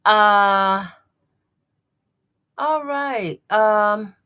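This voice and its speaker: Bright-voiced Southern woman chatting on a live stream. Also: mid-range voice, extremely slow, clear, resonant tone. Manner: chatty, greets viewers by name, reads comments aloud; says y'all a lot. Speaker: quilting channel host. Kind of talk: live stream chat while sewing.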